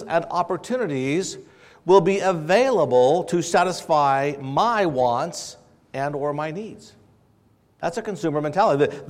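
A man preaching a sermon in a conversational way, asking the audience questions and acting out little dialogues. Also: fairly high pitch. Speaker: pastor.

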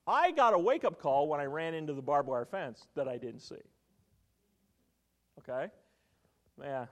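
A man's voice: a little high, normal speed, pauses often. A man preaching a sermon as a pastor, telling stories and quizzing his congregation with questions. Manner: animated storytelling, quizzing the congregation.

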